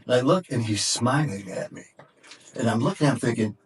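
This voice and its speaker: A man's voice: mid-range voice, expressive, a little fast, breathy edge. A middle-aged man and podcast guest telling an intense, emotional story in conversation, profane and at times choked up. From Detroit area, USA.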